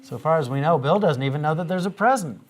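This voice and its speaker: A man's voice: a little high, lively intonation, fast, a little hiss or hum. A man teaching a classroom lesson, patiently asking questions and having students repeat after him.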